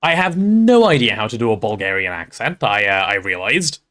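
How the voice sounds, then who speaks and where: Brief: male streamer, chatty and animated, swears casually, pitch swinging all over. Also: moderate pace. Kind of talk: reading a novel aloud and chatting on stream.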